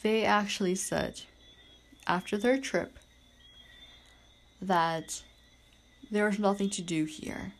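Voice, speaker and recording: A woman's voice: medium pitch, fairly even intonation, slow, pauses often. A woman from Bermuda, hosting a podcast in a rambling, emphatic casual monologue. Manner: rambling and emphatic, heavy use of "like" and "literally". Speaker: podcast host.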